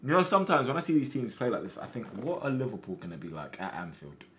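A man streaming a football management game, reacting out loud with groans and cheers as he commentates. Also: mid-range voice, fast talker, slight background noise. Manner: excitable, shouts at players, swings between groans and cheers. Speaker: gaming streamer.

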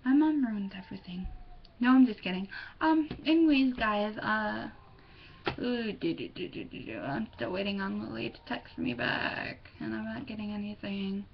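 In a creaky mid-range voice at normal speed, a teen girl chats through a rambling vlog, distracted, scattered and giggly. The audio comes from a muffled built-in mic, dull and lo-fi with faint background noise.

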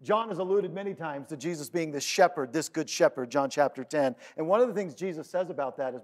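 A man preaching a sermon, retelling scripture with dramatic swings between loud urgency and hushed quiet. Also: a little high, brisk, hardly any pauses. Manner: storytelling, paraphrasing scripture. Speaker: pastor.

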